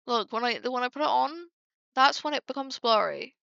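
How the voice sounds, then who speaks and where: Creaky, bright-voiced young woman streamer. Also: a little high, expressive, normal speed, no room sound. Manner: exasperated, swearing, talking to chat. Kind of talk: casual livestream chat. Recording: dull lo-fi dry mic.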